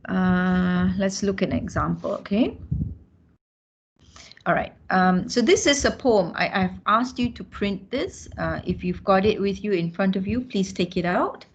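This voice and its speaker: A woman's voice: mid-range voice, measured pace, slight background noise. Hesitant Malaysian woman lecturing. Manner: hesitant, many fillers and restarts. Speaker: university lecturer. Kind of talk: classroom lecture. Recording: dull lo-fi sound.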